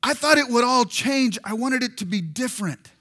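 A huge, tattooed man, newly baptized, pleads through tears in a bright, high, earnest voice, as a preacher puts him on in a sermon. His words come slow and heartfelt. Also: expressive, exaggerated voice.

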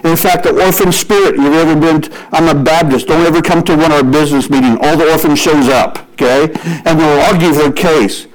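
A high-voiced man preaches a storytelling sermon, slowing to a crawl on his key points. The recording comes across like a radio broadcast. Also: steady tone, rough recording. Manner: storytelling preacher who shifts pace for emphasis. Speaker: pastor.

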